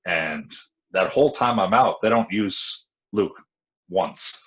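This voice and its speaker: In a rough recording, a man in his thirties who used to wrestle talks about his career during a casual interview. He speaks slowly, low-pitched and a bit bright with lively intonation, telling his story frankly and rambling, with many restarts.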